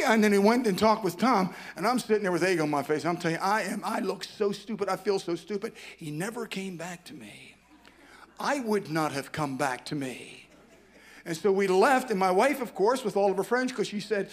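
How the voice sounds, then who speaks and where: A man's voice: high-pitched, lively intonation, fairly quick. An older man speaking at a conference, telling a personal story as a sermon, rambling and self-deprecating with many restarts.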